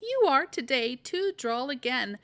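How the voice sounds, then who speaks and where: A woman voicing a lively, cheeky young boy who talks eagerly in a read-aloud storybook. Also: sits high, measured pace, heavily acted.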